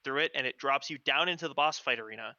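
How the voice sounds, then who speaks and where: Bright-voiced, self-deprecating man on a stream. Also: medium pitch, fast, no room sound, muffled recording. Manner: self-deprecating, explains game lore. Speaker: co-host on a game stream. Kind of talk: casual banter on a live stream.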